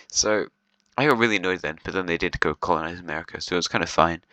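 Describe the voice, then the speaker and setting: A man's voice: low voice, quick pace, sharp tone, no echo, rough recording. A man giving casual, rambling commentary on a video series, chatty and half-joking, with lots of ums and restarts. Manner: half-joking, with short laughs.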